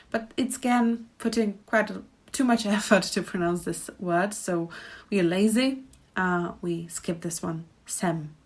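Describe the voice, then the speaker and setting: A woman with a Czech accent teaching pronunciation, speaking slowly and repeating each example phrase with care. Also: mid-range voice. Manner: slow, careful demonstrations with repeated example phrases. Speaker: language teacher. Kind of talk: pronunciation lesson. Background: birdsong and traffic outside.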